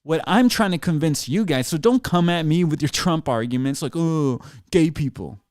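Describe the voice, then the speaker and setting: A man's voice: on the high side, animated, brisk, no echo. A man ranting at the listeners in a solo podcast, sarcastic and profane, talking into a desk mic in a small studio. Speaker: podcast host. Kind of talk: ranting monologue. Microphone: desk mic in front of a computer.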